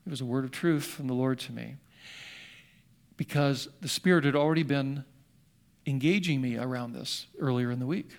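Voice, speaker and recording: An older man who is a pastor, preaching a sermon in an earnest storytelling manner that shifts between hushed and emphatic. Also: medium pitch, normal speed, long pauses.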